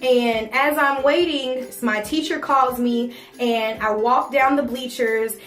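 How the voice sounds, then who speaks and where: A young woman telling a personal story for her vlog, animated and swearing freely. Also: fairly high pitch, slow pace. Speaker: vlogger. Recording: roomy echo, faint music.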